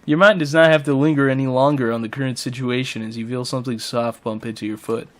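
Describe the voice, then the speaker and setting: A man co-hosting a comedy gaming podcast, narrating a game's text with playful, mock-dramatic flair. His voice sits at an ordinary, middle pitch for a man. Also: fairly even intonation, fast. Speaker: podcast co-host.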